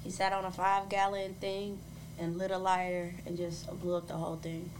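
A woman on a podcast retelling a true-crime case in a casual, animated way, slipping in voices for the people in the story. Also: lowish voice, moderate pace, background noise. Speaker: podcast co-host.

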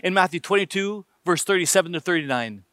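Man, preacher, sermon, high voice, emphatic, rhetorical questions. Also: animated, fast, pushed and bright, no echo, studio quality.

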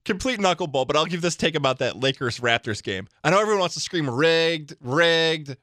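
A man co-hosting sports talk radio, energetic and emphatic in quick banter on a studio microphone. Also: on the high side, no echo.

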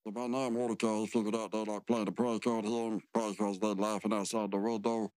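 A man's voice: lowish voice, flat delivery, a little fast, darkish tone. A man co-hosting a podcast, recapping a cartoon in rambling, filler-heavy casual chat. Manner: rambling, repetitive, lots of fillers. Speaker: podcast co-host.

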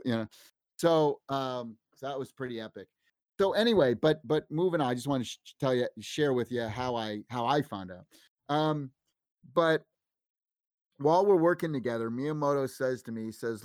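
A man in his fifties tells animated stories as an interview guest, acting out what other people said. His voice sits at an ordinary middle pitch. It is recorded close and dry, with no room sound. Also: moderate pace, no echo. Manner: animated anecdotes, acts out quoted dialogue. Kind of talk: casual interview storytelling.

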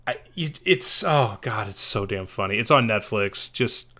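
A man's voice: fairly low pitch, expressive, unhurried, bright, forceful tone. A man co-hosting a podcast, giving casual, rambling movie recommendations and correcting himself as he goes. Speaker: podcast co-host.

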